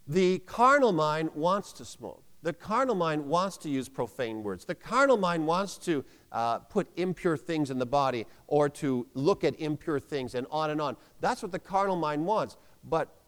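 A man's voice: on the high side, big-room sound. A man preaching a sermon, emphatic, having the congregation repeat phrases aloud.

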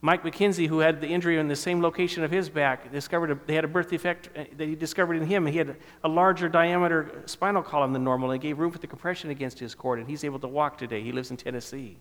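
A man in his fifties telling a personal testimony in sermon style, emotional and storytelling, dropping softer at tender moments. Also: on the high side, fairly even intonation, fast talker, hardly any pauses, big-room sound. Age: 50s. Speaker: speaker giving a testimony.

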